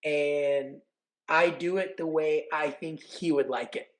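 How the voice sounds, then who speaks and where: Animated higher-voiced man telling stories. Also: slow, low-quality recording. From California. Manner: animated, acts out quotes and announcer calls. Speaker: podcast guest, actor and event announcer. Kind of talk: casual storytelling.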